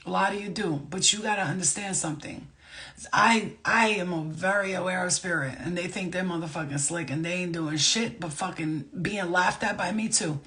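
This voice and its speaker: A woman's voice: mid-range voice, a bit bright. A woman vlogging as a spiritual medium, ranting to camera in a heated, profane, emphatic way with loose, casual phrasing. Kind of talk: unscripted rant to camera.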